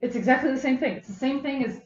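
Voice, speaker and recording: A woman's voice: sits high, quick pace. Blunt woman swearing on a roomy podcast. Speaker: podcast co-host. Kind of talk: casual podcast chat. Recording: roomy, dull lo-fi audio with faint noise.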